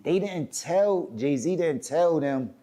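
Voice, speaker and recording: Man, Philly accent, animated storyteller, slangy and profane, somewhat high voice. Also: takes it slowly. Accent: Philadelphia. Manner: lively, acts out quotes with swings in pitch. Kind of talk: animated anecdote.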